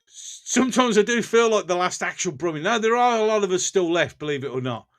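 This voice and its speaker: A man's voice: high voice, animated, fairly quick, a bit bright. A man with a Birmingham accent hosting a casual live stream, chatting bluntly with viewers, often laughing between remarks and going off on rants. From England.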